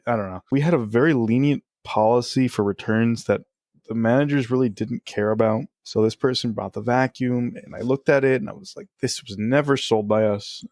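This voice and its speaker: A man, a guest on a casual podcast, candidly telling personal stories and getting animated as he retells them. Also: medium pitch, fairly quick, dry recording. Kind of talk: casual storytelling.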